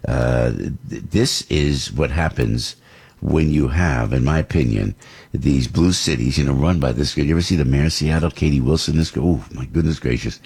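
A man's voice: rumbling low, normal speed, darkish tone, breathy edge. A man from New Jersey hosting a talk radio show, delivering a rambling, indignant political monologue.

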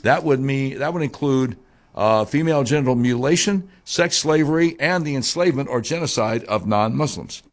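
A man hosting talk radio, delivering a monologue that swings from a low grumble to high mocking tones. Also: expressive, moderate pace.

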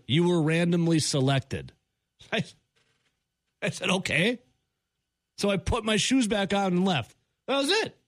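A man hosting a morning radio show, telling an airport story with animated, incredulous asides. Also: high voice, dry recording, clean studio sound. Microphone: studio microphone.

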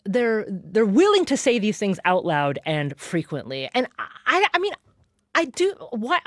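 A woman hosting a panel discussion, animated and stumbling over repeated words as she starts. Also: mid-range voice, normal speed, no echo, studio quality. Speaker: host.

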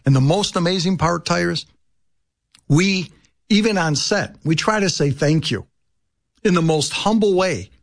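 Earnest man, slightly high voice. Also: animated, a little slow, gravelly, pauses often. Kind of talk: casual radio interview.

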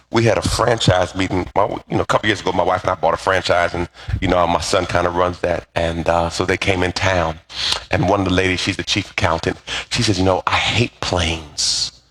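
A man's voice: low voice, moderate pace. A middle-aged man preaching a sermon, telling stories with animation and calling on the congregation to answer back. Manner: animated storytelling with call-and-response to the congregation. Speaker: pastor.

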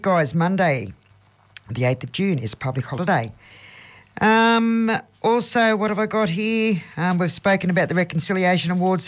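An Australian man hosting community radio, reading out local listings in a chatty way with plenty of ums, his voice croaky and hoarse. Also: high-pitched, a bit bright. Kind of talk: casual radio announcing. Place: radio studio.

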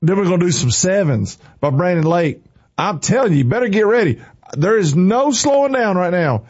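Man, radio morning host, out of breath, fervent and preachy, fairly high husky voice, dull lo-fi broadcast sound. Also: animated, normal speed. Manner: fervent, preachy, shouting bursts of exhortation. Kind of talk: fired-up Christian radio morning show talk.

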